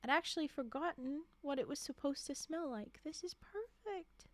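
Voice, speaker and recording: A woman voicing a gentle, tearful middle-aged mother in a read-aloud holiday story, speaking softly and from the heart. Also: sits high, animated, moderate pace, no room sound. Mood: tender.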